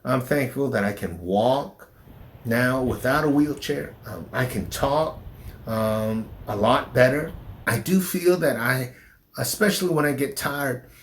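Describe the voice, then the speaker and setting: A middle-aged man, a pastor, speaking slowly and haltingly in an interview, with a slight southern drawl since his stroke. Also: medium pitch. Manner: slow, halting speech with restarts after a stroke. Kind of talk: personal interview.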